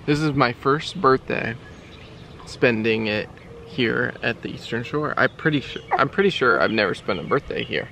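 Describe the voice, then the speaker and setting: A man in his thirties telling a relaxed, slow story to his wife for a vlog, outdoors by the water. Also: mid-range voice, vocal fry, a little hiss or hum. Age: 30s. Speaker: vlogger. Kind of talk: casual chat.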